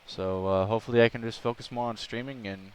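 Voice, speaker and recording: A young man chatting on a live stream, telling an animated, rambling story. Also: mid-range voice, quick pace, clean tone, poor audio. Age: young adult. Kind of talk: casual live-stream chat.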